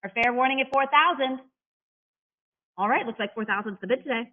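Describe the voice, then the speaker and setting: A woman calling bids at a live auction, running figures in a fast rhythmic chant and breaking into brief chatty asides about the lots. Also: fairly high pitch. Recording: tinny phone-like stream audio.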